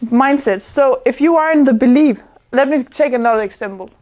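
A woman's voice: high-pitched, brisk, darkish tone. A woman giving an informal spiritual talk to a small group indoors. She sounds earnest, searches for her words, and often laughs. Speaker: spiritual speaker.

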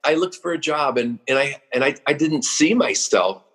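Husky-voiced man in his fifties, podcast guest; emotional, self-deprecating stories, stumbles and restarts. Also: on the high side, expressive, moderate pace, fairly bright tone, low-quality recording. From Oregon, USA. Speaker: guest, roofing company founder. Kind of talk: casual podcast storytelling.

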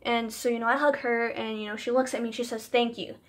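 A woman's voice: fairly high pitch, level tone, fast talker. A young woman vlogging casually, telling a personal story in a chatty, emotional way with lots of "like" fillers.

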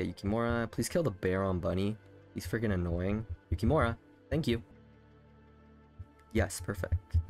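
A young man streaming a video game, ranting angrily about a stage and swinging from low muttering to loud outbursts. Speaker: gaming streamer. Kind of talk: frustrated live gameplay commentary.

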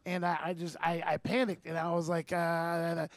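A man, telling a profane story with rising excitement in casual podcast chat. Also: a little high, moderate pace, dry recording. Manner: animated, profane, gets loud. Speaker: podcast co-host.

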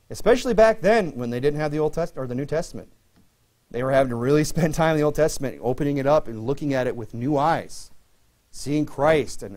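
A pastor preaching a sermon in a conversational way, mixing scripture reading with humorous personal stories. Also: male voice, mid-range voice, darkish tone.

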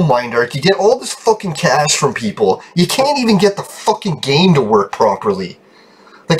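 A man's voice: fairly high pitch, breathy edge. A young man giving profane, frustrated commentary over his gameplay, breaking into laughs. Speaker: game video creator.

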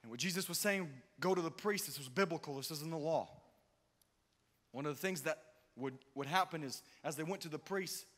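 A man preaching a sermon with drama, swinging between loud outbursts and hushed, slow passages. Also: a little high. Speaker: pastor. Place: church hall. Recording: hall reverb.

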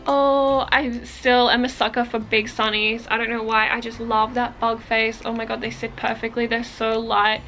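A young woman with a high, bright voice talks through an unboxing vlog. She gushes and exclaims over every item. Faint music plays quietly behind her. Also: normal speed, few pauses, low-quality recording. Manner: gushing, excitable, gasps and exclaims often. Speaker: vlogger.

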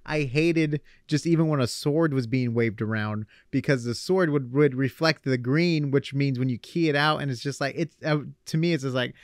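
A young man hosting a podcast, chatting casually in an animated way. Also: medium pitch, no room sound, studio quality. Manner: animated, quick asides and laughs. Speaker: podcast host. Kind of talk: casual chat.

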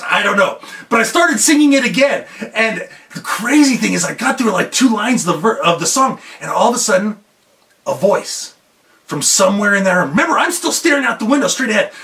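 Animated man telling a story. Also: high voice, distant mic. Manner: animated, acts out his own reactions with big swings. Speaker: school coach giving a morning talk. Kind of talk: storytelling to students.

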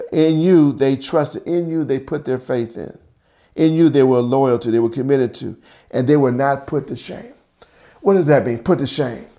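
Male pastor, middle-aged, slightly higher-pitched voice; a sermon teaching that restates each verse slowly. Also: a little mellow. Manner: repeats and rephrases lines, slows down to stress scripture.

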